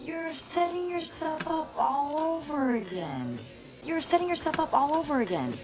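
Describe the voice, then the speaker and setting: A woman's voice: high voice, big pitch swings, normal speed. An actress playing a woman who scolds a friend in an exasperated tone. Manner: reproachful, exasperated. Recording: show clip with music behind.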